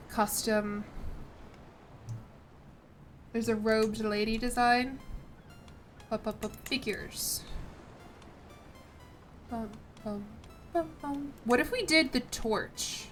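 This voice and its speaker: In a fairly high, slightly bright voice, a woman streams a strategy game and gives casual commentary. She reads game text out loud, stumbles over words, swears, and chats with frequent "like".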